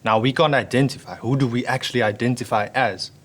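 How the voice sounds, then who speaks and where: A man's voice: medium pitch, steady tone. A man, a guest in a casual conversation, speaking candidly and bluntly. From South Africa. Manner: candid, blunt, quick asides.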